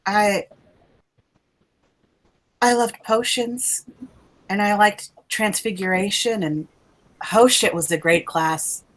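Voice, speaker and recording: A woman voicing a lonely, shy female student ghost who speaks softly and haltingly in a tabletop game. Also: medium pitch, natural voice, poor audio. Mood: wistful. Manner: soft, hesitant and halting.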